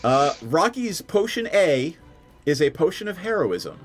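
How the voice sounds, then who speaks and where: Guy dm'ing a tabletop game, lively up-and-down voice, bit of music behind. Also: fairly high pitch, measured pace. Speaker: dungeon master. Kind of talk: running a tabletop game, casual.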